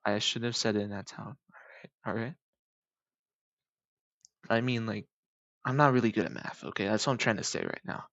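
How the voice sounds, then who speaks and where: A man's voice: on the low side, moderate pace, pauses often, fairly bright tone, no room sound, muffled recording. A young man in his late teens rambling casually over gameplay, joking and correcting himself as he goes. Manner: jokey, rambling, self-correcting asides. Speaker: gaming video maker.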